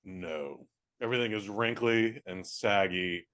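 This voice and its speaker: A man's voice: lowish voice, measured pace, fairly bright tone. A man hosting a podcast in a casual, comedic chat, rambling and blunt as he jokes. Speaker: podcast host.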